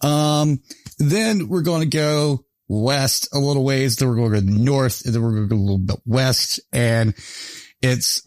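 A man's voice: medium pitch, dry recording, clean studio sound. A man hosting a podcast in loose, profane casual chat, laughing often between his words. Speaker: podcast host.

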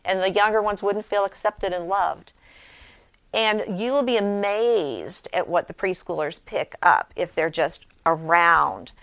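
A woman's voice: lowish voice, measured pace, fairly bright tone, no room sound. A middle-aged woman, a homeschooling mother, giving a conversational instructional talk full of practical tips and anecdotes from raising her children.

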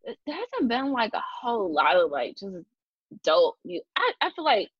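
Husky-voiced woman chatting on a podcast. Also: a little high, wildly swooping pitch, normal speed, no echo. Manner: rambling, many fillers and restarts, laughs often. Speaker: podcast host. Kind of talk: casual chat. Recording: dull lo-fi sound.

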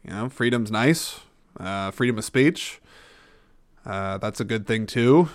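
A man's voice: on the low side, expressive, measured pace, dry recording. Guy rambling on his solo podcast, cuts himself off a lot, dead dry room. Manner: rambling, self-interrupting, thinks aloud. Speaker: podcast host. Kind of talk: casual solo podcast talk.

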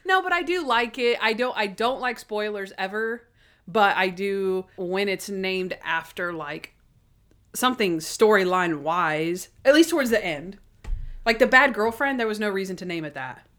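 A young woman talks through a TV episode in a relaxed, rambling chat. She fills her sentences with "like" and restarts, sounding easygoing and familiar as a regular co-host. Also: normal speed. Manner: chatty, lots of "like", acts out scenes in high voices. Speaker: podcast co-host. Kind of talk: casual chat.

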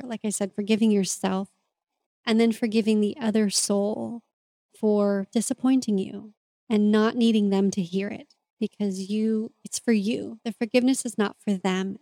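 A woman's voice: mid-range voice, fairly even intonation, measured pace, dark tone, no echo. A woman hosting a podcast, talking in an earnest, open and confessional way in a reflective monologue. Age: adult parent. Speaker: podcast host and mentor.

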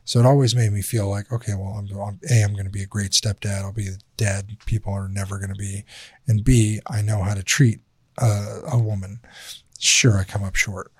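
A man's voice: fairly low pitch, flat delivery, moderate pace, slightly rough, no room sound. A man hosting a casual podcast chat, talking bluntly and candidly with plenty of swearing. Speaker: podcast host.

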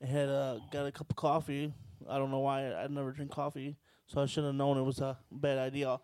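A man's voice: medium pitch, brisk, smooth, dry recording. A man casually telling a wild, crude story on a podcast, swearing freely. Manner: crude, profane, animated storyteller.

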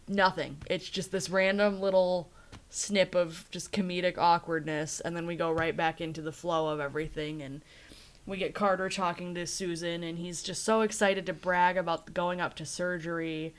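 A woman's voice: fairly low pitch, fairly even intonation, normal speed, smooth. A woman co-hosting a casual podcast, retelling a TV episode in a chatty storytelling way. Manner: chatty storytelling, acting out quotes. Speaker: podcast co-host recapping a TV episode. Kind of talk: casual chat.

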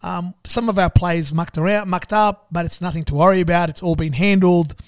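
A man quoting a calm, reassuring male club CEO in a measured, casual phone manner. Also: high voice, no room sound, studio quality.

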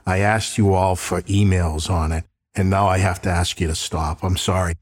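A middle-aged man, both a podcast host and private investigator, hosts a chatty true crime podcast and calls his listeners guys. His low voice is steady at a normal speed, sounding slightly off because of allergies.

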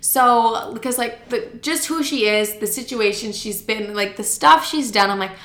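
Her voice is fairly high, bright, and forceful as this young adult podcast host tells a casual story at a moderate pace. She swears freely, says "like" a lot, and chats away over a roomy echo.

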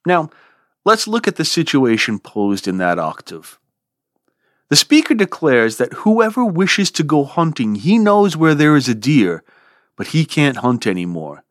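A man giving a podcast lecture on poetry in an expressive, lively way, relishing the verse. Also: fairly high pitch, unhurried, no room sound, studio quality. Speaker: literature lecturer.

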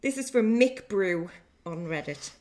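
A woman's voice: mid-range voice, a little slow. Swearing, laughing woman co-host. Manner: swears freely, laughs often, animated. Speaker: podcast co-host. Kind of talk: casual chat, reading listener stories.

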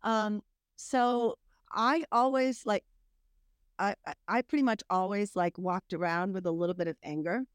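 A middle-aged woman, a podcast guest, telling her own story in a candid, animated way, often saying "like". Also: mid-range voice, a little slow, clean tone, no echo, clean studio sound. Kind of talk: casual storytelling.

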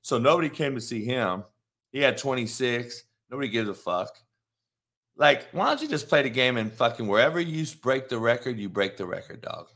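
A man giving a heated, profane sports rant, repeating himself and now and then breaking into shouts. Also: medium pitch, expressive, brisk. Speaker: sports commentator.

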